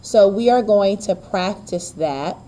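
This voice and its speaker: A woman's voice: mid-range voice, expressive, slow pace, dark tone. A woman teacher giving a poetry lesson, chatting to her class with self-deprecating asides and drawing out syllables to show the stress. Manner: stretches out and stresses syllables to demonstrate rhythm. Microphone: recorded on a camera while writing on paper.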